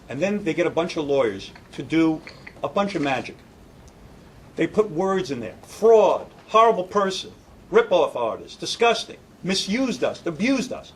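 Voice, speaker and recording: A man's voice: fairly high pitch, slight background noise, low-quality recording. A middle-aged man, a radio broadcaster, giving an indignant, sarcastic statement and taking questions at a press conference.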